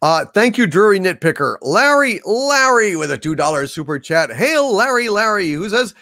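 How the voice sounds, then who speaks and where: Theatrical older man, lively pitch. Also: moderate pace, no echo, studio quality. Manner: theatrical, grandiose proclamations. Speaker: livestream host reading super chats. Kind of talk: casual livestream chat.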